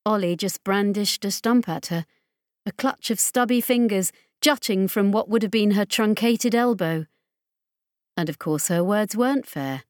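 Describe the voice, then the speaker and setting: Slow, measured woman audiobook narrator. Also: mid-range voice, no room sound, studio quality. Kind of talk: scripted narration.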